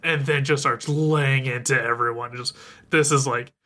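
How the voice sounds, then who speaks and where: Bright-voiced man animatedly recapping a film. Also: medium pitch, normal speed. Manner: animated retelling, acts out characters' lines. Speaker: podcast co-host recapping a film. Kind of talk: casual chat.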